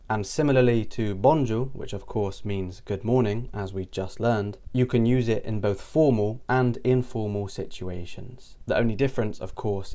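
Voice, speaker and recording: A man giving an upbeat, clearly paced online language lesson. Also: on the low side, mellow. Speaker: language teacher.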